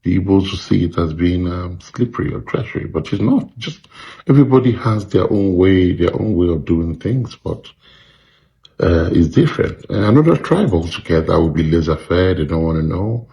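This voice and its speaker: Low gravelly guy musing out loud, slow and thoughtful. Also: expressive, lo-fi sound. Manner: measured, reflective, many fillers. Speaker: commentator sharing opinion. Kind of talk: casual spoken opinion.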